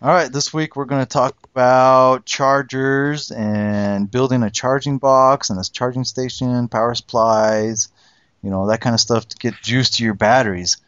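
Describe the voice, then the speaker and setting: A man hosting a laid-back podcast, ribbing his co-hosts as he leads the talk. His voice sits at a middle pitch. The recording is dry and a bit dull. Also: steady tone, moderate pace, a bit bright, clean tone, no echo. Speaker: podcast host. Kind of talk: casual chat.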